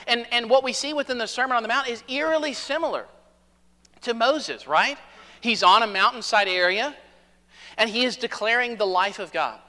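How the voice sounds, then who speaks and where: A man with a high, bright voice preaches a sermon. He is earnest and drops lower when he quotes scripture. His words ring out with a long hall reverb. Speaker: pastor.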